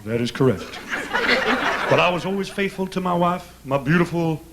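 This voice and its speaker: A man's voice: a little high, lively intonation, normal speed, a faint crowd, a little hiss or hum. A man doing a dim, boastful dead rock king. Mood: rambling boastful. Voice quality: slightly raspy. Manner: rambling, mangles names, drawling. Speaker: radio host doing an impression. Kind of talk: comedy bit on radio.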